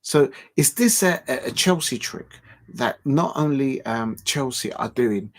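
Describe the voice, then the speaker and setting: A man hosting a football livestream in casual chat, rambling and halting with many fillers and frequent chuckles. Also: mid-range voice, lively intonation.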